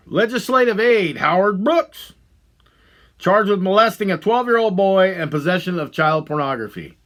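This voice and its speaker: A man hosting a podcast, delivering a profane, heated monologue that swings between loud outbursts and low muttering. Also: animated, unhurried. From Ohio. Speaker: podcast host. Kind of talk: angry ranting monologue.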